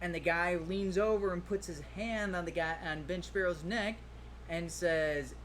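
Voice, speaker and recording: High-ish guy rambling on a podcast, acts out quotes, faint hiss behind. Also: moderate pace, a bit bright. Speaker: podcast co-host. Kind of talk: casual opinion chat.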